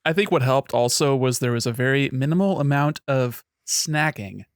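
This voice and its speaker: A man's voice: medium pitch, normal speed, smooth, no room sound, studio quality. A man co-hosting a casual gaming podcast, chiming in with wry jokes. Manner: wry, joking asides. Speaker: podcast co-host.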